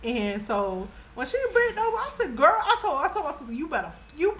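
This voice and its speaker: Animated, laughing young woman telling a story. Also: brisk, hardly any pauses, slight background noise. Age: young adult. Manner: animated and laughing, with dramatic pitch jumps. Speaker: storyteller, vlogger. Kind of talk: casual storytime vlog.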